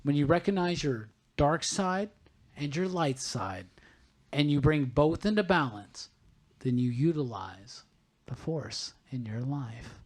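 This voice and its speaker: Podcast guy, super animated, bit preachy, voice swings all over. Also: a little high, takes it slowly. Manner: animated, preachy when explaining ideas. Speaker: podcast co-host. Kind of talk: casual podcast chat.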